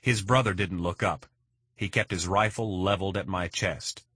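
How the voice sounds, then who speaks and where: Husky male audiobook narrator, forceful. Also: low-pitched, no room sound. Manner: steady, measured reading. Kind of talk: first-person crime thriller narration.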